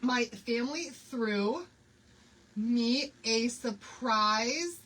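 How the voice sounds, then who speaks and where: A woman's voice: on the high side, extremely slow, fairly bright tone, low-quality recording. A woman in her sixties hosting a live craft stream, chatty and bubbly, laughing often and greeting viewers by name. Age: 60s. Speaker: craft livestream host.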